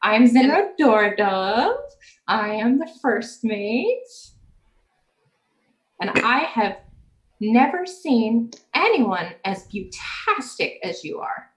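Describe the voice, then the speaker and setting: A woman voicing a flirtatious male elf first mate who lingers over effusive, drawn-out compliments. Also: extremely high pitch, big pitch swings, a bit bright, exaggerated voice, rough recording. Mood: gushing.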